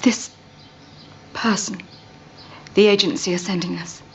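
A woman's voice: medium pitch, steady tone, a little slow, lightly acted. An actress playing a posh, theatrical upper-class mother breaking news to her children in a TV comedy sketch. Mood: melodramatic. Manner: plummy, theatrical, overly dramatic. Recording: dull TV audio with hiss.

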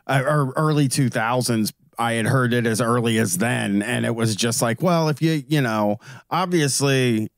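A man's voice: mid-range voice, normal speed, gravelly, hardly any pauses, dry recording. A man co-hosting a podcast, talking in a rambling, casual way and laughing as he goes. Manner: rambling, laughs mid-sentence. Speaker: podcast co-host. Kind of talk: casual comedic chat.

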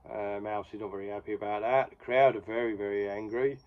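A man's voice: lowish voice, fairly even intonation, quick pace, few pauses, highs cut off. Wry man retelling comics. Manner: wry, conversational, full of asides. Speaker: comics podcast host. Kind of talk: casual retelling of a comic strip.

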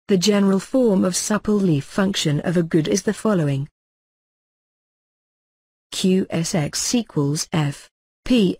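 A man reading economics lecture notes aloud as a lecturer, in a measured, formal textbook delivery. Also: high-pitched, a little mellow, breathy edge, dry recording.

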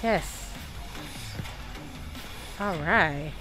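A woman's voice: medium pitch, big pitch swings, extremely slow, a bit bright, soft background music. Chatty Southern woman gaming streamer. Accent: Southern American. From Texas, USA. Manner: chatty, exclaiming, talks to herself. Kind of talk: live gameplay commentary.

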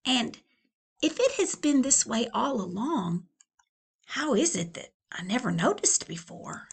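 Woman voicing small wondering squirrel, storybook, soft inner thoughts, gentle, unhurried. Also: a little high, big pitch swings, creaky, husky, exaggerated voice. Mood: awed.

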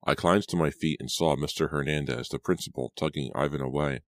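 Very deep-voiced male audiobook narrator. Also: steady tone, a little fast, no echo, studio quality. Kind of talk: scripted storybook narration.

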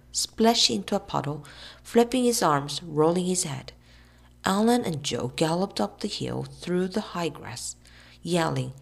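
A woman reading a children's novel aloud in an expressive, lively way. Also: on the low side, vocal fry. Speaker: storybook reader.

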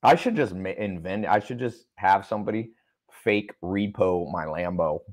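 A man's voice: deep voice, moderate pace. A man hosting a livestream, reading viewer comments and talking loosely with jokes. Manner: loose, joking, reads chat comments aloud. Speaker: online business mentor. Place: studio with a sound engineer.

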